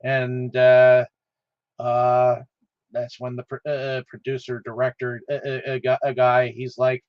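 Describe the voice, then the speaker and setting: A man leads a casual film chat, talking slowly and stumbling through his sentences with a steady stream of "uh" fillers. The recording is dry and a bit dull, with a lo-fi edge. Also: mid-range voice, smooth, no echo. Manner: halting, with constant "uh" fillers. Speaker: podcast host.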